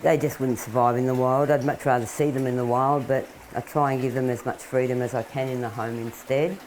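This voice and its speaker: A woman's voice: a bass voice, steady tone, a little fast, a little mellow, a little hiss or hum, poor audio. A middle-aged Australian woman, a wildlife carer, chatting casually and laughing often as she talks about the animals she keeps at home. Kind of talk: casual talk to camera while feeding animals. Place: indoors at home.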